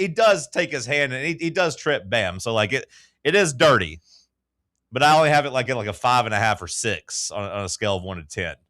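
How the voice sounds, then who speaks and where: A man's voice: medium pitch, a bit bright. A man hosting a sports radio show in a studio, in loose casual banter with many restarts. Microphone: studio mic.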